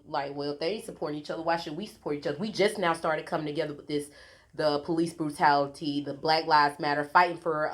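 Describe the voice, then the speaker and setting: A woman hosting a casual podcast chat, laughing easily and talking her points through aloud. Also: low-pitched. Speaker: podcast host.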